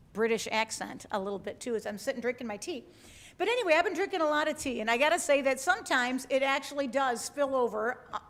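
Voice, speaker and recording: A woman pastor giving a conversational sermon to an online congregation, often checking in with her listeners. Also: fairly high pitch. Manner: conversational, asks the listeners with frequent tag questions. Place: church livestream.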